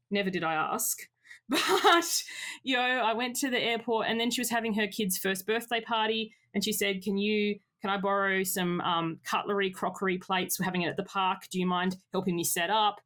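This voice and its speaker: A woman in her thirties or forties telling frank personal stories as a podcast guest, expressive and lively. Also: mid-range voice, normal speed. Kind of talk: candid personal storytelling.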